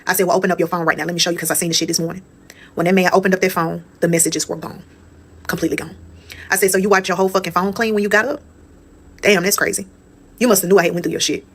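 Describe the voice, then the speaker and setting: Young woman, slightly low register; blunt, chatty storytime delivery. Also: steady tone, quick pace, fairly bright tone. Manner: candid, profane, conversational, addresses viewers as y'all. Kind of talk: casual storytime monologue.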